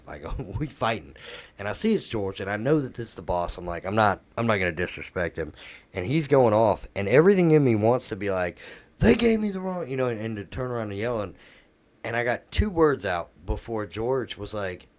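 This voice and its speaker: A middle-aged man, a podcast co-host, telling a workplace story in casual chat and acting out the quoted dialogue. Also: low-pitched.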